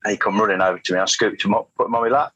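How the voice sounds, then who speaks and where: A man's voice: on the low side, steady tone, racing, pushed and bright, husky, no echo, highs cut off. A middle-aged man, telling his story as an interview guest in a rambling way. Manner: rambling, anecdotal, frequent restarts and fillers. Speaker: guest, motorcycle test rider.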